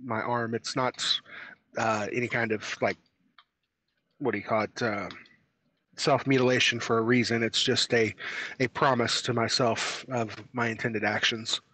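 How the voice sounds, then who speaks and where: A man's voice: medium pitch, fairly even intonation, measured pace, sharp tone. A man playing a tabletop game, talking hesitantly with many fillers. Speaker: player. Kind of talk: casual tabletop play.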